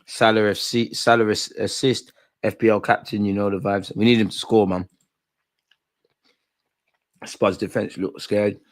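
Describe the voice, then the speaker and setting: A man's voice: lowish voice, flat delivery, measured pace, long pauses. Opinionated young man chatting football. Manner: chatty, opinionated, rambling banter. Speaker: football watch-along host. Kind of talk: casual live match commentary.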